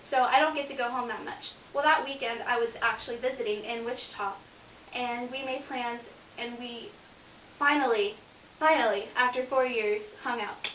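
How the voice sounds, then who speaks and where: A young college student from Kansas chats bubbly and casually about her life in a personal storytelling vlog, using lots of "like" fillers. Her voice is fairly high and bright with fairly even intonation and a moderate pace. She sits far from the mic in a roomy recording with faint hiss.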